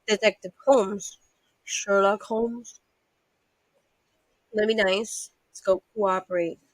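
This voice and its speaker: A woman's voice: medium pitch, fairly even intonation, slow, no echo, rough recording. A woman giving playful, chatty let's-play commentary on a game, reading text aloud and humming to herself. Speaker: gamer.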